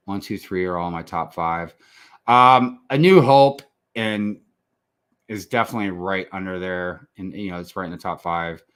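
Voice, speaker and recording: A man's voice: deep voice, fairly bright tone, clear, resonant tone. A man chatting as a guest on a casual podcast, rambling and laid-back.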